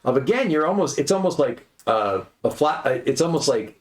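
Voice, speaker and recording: A man's voice: mid-range voice, lively intonation, fairly quick. A man narrating as game master, describing the scene in a rambling way and often restarting his sentences. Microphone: online session audio. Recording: roomy echo.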